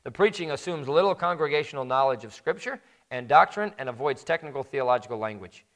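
Impassioned preacher, a man swinging loud and low. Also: lively intonation. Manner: rises to loud emphatic peaks, then drops low and quiet; slows for stressed points. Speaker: pastor. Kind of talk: sermon.

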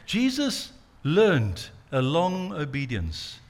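Male preacher, mid-high voice, dramatic storyteller. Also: wildly swooping pitch, slow. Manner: dramatic storytelling, acts out quotes. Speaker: pastor. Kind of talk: sermon.

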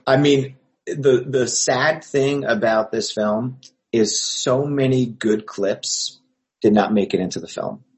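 A man's voice: medium pitch, takes it slowly, rough recording. A man from Montreal, an actor, telling rambling anecdotes with many fillers in an interview. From Montreal, Canada. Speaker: actor and filmmaker guest.

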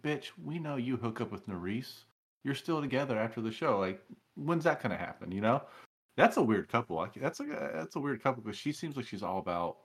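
A young man chatting casually as a podcast co-host, telling stories in a rambling, animated way. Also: on the low side. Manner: rambling, animated storytelling with laughs. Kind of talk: casual reality-show recap chat.

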